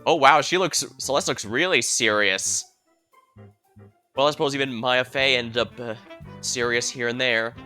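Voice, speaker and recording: A man's voice: mid-range voice, moderate pace, sharp tone, faint music behind. A man streaming himself reading a visual novel aloud, narrating and reacting casually between lines.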